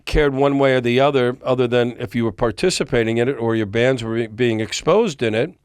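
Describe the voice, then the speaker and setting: A man's voice: medium pitch, fairly quick, smooth, no room sound. A man, a music industry veteran, telling stories as a podcast guest and acting out the dialogue of the people in them. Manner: animated storyteller, acts out quoted dialogue. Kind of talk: storytelling interview. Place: recording studio.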